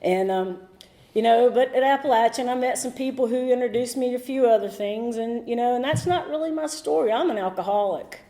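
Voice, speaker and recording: In a warm voice on the high side, a middle-aged woman from North Carolina speaks fairly quickly at a recovery meeting. Her personal talk in the meeting room is candid and a bit rambling, with emotional moments.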